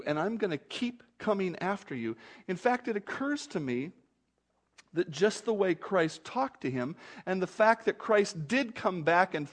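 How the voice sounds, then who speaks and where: A high-pitched man preaching from the pulpit. His delivery rises and falls sharply in loudness, dropping to near murmurs and then bursting out almost to a shout. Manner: dynamic, swings between quiet asides and loud outbursts. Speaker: pastor. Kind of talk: expository sermon.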